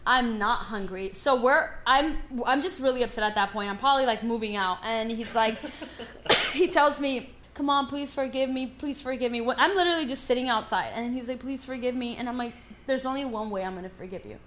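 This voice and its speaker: Animated woman telling a story. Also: a little high, brisk, a little hiss or hum. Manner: animated storyteller, swears freely. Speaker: podcast co-host. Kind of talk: casual chat, storytelling.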